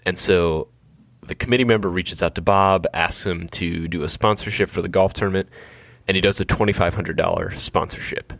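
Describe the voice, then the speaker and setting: Low-voiced man telling a story. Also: steady tone, normal speed, gravelly, fairly bright tone, no room sound. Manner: conversational, self-deprecating. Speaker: nonprofit fundraiser. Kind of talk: anecdotal storytelling.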